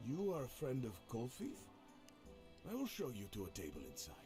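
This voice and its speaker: A player reading a tavern greeter's lines in a lower, curt voice, over game music. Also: wildly swooping pitch, moderate pace.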